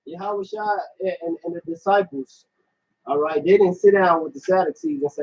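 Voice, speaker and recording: A man's voice: on the high side, a little fast, slightly rough. A man talking emphatically and profanely, repeating his words, in a casual religious discussion. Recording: dull lo-fi recording.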